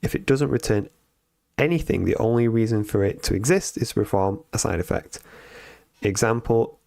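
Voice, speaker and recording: A man's voice: on the low side, moderate pace, vocal fry, darkish tone, no room sound. Man, live coding stream, reads lessons aloud, fillers and self-corrections, dry close sound. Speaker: streamer learning to code.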